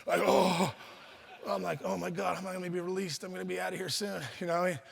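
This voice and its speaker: In a large banquet hall with reverberant sound, a middle-aged Pittsburgh, USA man gives a storytelling speech as a luncheon guest speaker. His voice sits high, gravelly and husky, with a level tone and quick pace. He mimics the people he quotes and keeps restarting sentences.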